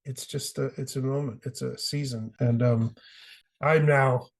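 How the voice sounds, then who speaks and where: British man, middle-aged, passionate storyteller, mid-pitched, podcast guest. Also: steady tone, unhurried, creaky. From Britain. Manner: passionate storyteller, acts out quotes. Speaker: author guest. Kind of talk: podcast interview.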